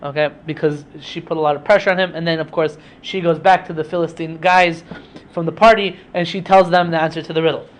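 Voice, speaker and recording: A man with a high voice teaches by retelling a story in a relaxed, chatty way. He often stops for asides and checks that listeners follow. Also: fairly quick. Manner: chatty, with frequent fillers and asides. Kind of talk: casual storytelling lesson.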